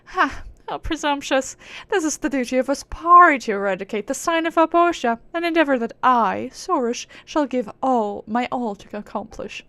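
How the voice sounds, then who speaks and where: A woman's voice: high-pitched, animated, moderate pace, few pauses, sharp tone, dry recording, exaggerated voice. A woman voicing a haughty, aloof female spirit in a put-on British accent, talking in a lofty, commanding way. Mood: grandiose.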